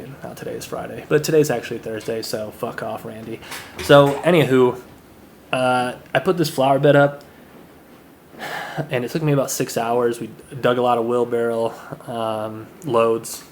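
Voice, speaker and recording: A man's voice: medium pitch, a little hiss or hum. Rambling, jokey young male podcast host. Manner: rambling and jokey, with crude asides. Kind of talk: casual solo chat.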